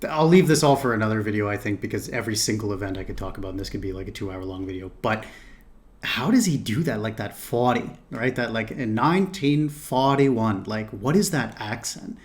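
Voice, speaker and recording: A man's voice: on the low side, quick pace. A man hosting a reaction video, thinking aloud in casual commentary, hesitating and correcting himself.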